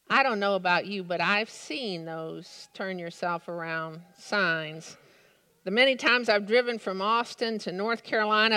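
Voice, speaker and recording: A woman preaches slowly and deliberately, leaning into her stories with a dry wit. Her voice is bright and forward. The sound carries a long reverb, as in a large church hall. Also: medium pitch. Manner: measured, storytelling delivery with dry humor. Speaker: pastor. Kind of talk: sermon.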